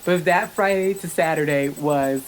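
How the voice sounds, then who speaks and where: Animated woman telling a funny story. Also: sits low, normal speed, background noise. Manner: animated storyteller, laughs often. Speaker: podcast co-host. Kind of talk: casual storytelling chat.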